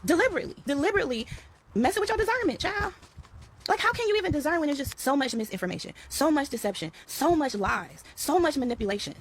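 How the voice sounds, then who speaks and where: A middle-aged woman with a slightly high voice talks to her followers in a casual spiritual vlog, with slight background noise. She's emphatic and repeats phrases, calling her viewers "y'all" and "child."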